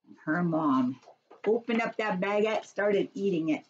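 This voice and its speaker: A woman who teaches preschool reads a picture book and chats gently to young children, recorded at home. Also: fairly low pitch, moderate pace, lo-fi sound, a little hiss or hum. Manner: gentle, expressive storytelling to small kids.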